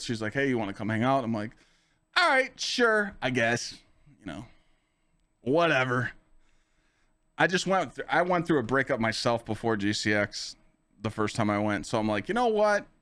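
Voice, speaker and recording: A man's voice: medium pitch, moderate pace, pauses often. A man hosting a podcast, telling a story in a casual, profane way, full of filler phrases. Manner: animated, profane, full of "you know" fillers. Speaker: podcast host and streamer.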